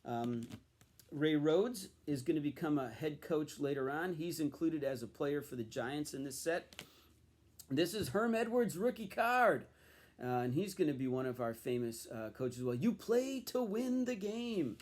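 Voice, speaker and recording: A man's voice: on the high side, expressive, normal speed. A man casually reviewing a sports card set, chatty and explanatory, with frequent ums and uhs. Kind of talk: casual show-and-tell review.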